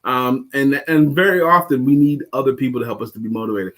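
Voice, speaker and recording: Sex: man. Role: co-host and coach. Style: casual livestream chat. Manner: measured and explanatory, like a teacher. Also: mid-range voice, a bit bright.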